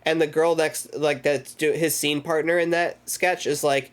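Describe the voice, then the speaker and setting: A man's voice: a little high, little pitch movement, normal speed. A man streaming live, casually recapping a horror movie with lots of swearing, loose rambling and acted-out quotes. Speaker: streamer hosting a movie club.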